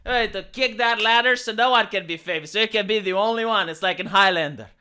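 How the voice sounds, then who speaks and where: A man's voice: high-pitched, fast, bright, forceful tone, smooth. A man ranting in a sarcastic, mocking commentary vlog. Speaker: commentary vlogger.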